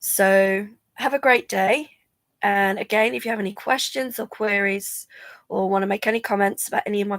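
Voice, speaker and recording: A woman's voice: medium pitch, gravelly, no echo. A drowsy woman chatting casually on a live stream, rambling and yawning between thoughts. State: drowsy from medication. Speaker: vlogger going live.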